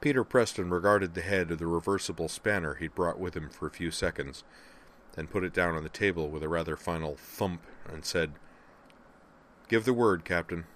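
A man narrating a novel as an audiobook, in a steady storytelling delivery. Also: low-pitched. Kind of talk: scripted narration.

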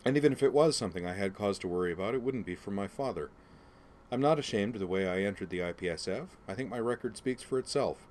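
A man's voice: on the low side, animated, darkish tone, a little hiss or hum, close to an everyday voice. A man reading aloud, voicing a confident young woman officer who speaks bluntly and with determination. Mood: determined. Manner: brisk, frank, determined.

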